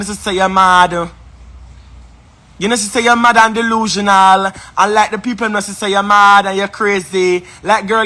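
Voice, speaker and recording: A man's voice: high-pitched, bright, forceful tone. A man with a Jamaican accent, ranting on a live stream in a confrontational, repetitive, scornful way. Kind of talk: heated live-stream rant.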